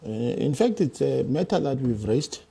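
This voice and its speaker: A man, a deputy minister, gives a formal, measured reply in a parliamentary committee. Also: mid-range voice, sing-song, creaky, warm tone, husky.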